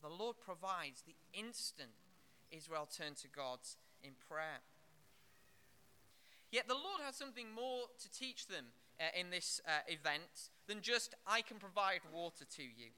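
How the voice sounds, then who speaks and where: A man delivers an expository sermon in a lively, searching way, pausing with fillers and restarting phrases. His voice sits high and very bright, and it rides up and down with wide swings of pitch. The tone is clean and clear. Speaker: preacher.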